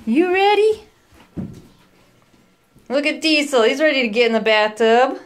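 A woman filming her babies at home on a handheld phone, talking in a gentle, coaxing, sing-song baby voice. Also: a little high, brisk. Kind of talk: home video baby talk. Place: family home.

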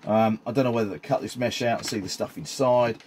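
A middle-aged man talks quickly in a medium-pitched, darkish voice as he eagerly shows off his scenery builds, with frequent ums. It's a casual hobby show-and-tell, and there's a little background noise.

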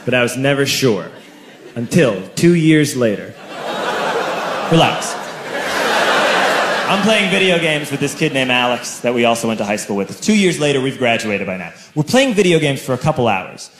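A man doing live stand-up, telling a story with animated delivery that speeds up and shouts at the punchlines. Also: mid-range voice, normal speed, pauses often. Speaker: stand-up comedian. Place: comedy club stage before a live audience. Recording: echoey club with audience laughter and noise.

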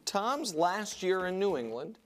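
A man hosting a sports talk show, making emphatic, argumentative points in a fast debate style. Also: high-pitched, very animated.

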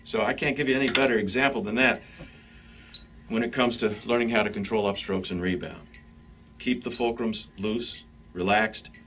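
A man teaching drum stick technique in a relaxed, conversational way, talking straight to his students between demonstrations. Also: on the low side, normal speed. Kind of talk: instructional demonstration. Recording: practice pad clicks and noise behind.

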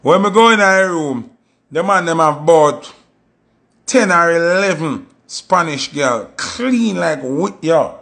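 A man with a Jamaican Patois accent, telling stories in a casual monologue and acting out quoted voices with sudden high jumps. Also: animated, slow pace, vocal fry, fairly bright tone. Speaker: commentator.

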